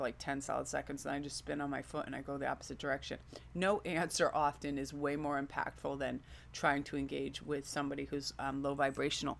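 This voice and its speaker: A woman's voice: low voice, creaky, slight background noise. A woman giving a casual tarot reading to her viewers, chatty, enthusiastic and encouraging. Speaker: tarot reader.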